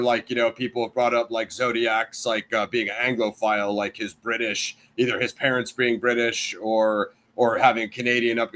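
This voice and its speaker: A man's voice: medium pitch, fairly bright tone. American male panelist, chatty and rambling, mid-range voice, casual discussion. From United States. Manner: rambling, heavy on "you know" and "I mean". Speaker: panel guest.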